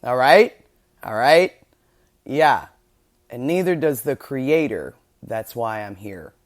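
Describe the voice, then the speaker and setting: A woman's voice: rumbling low, animated, takes it slowly. A woman hosting a spiritual podcast monologue, talking fervently and self-assuredly, swearing heavily and repeating words for emphasis. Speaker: podcast host.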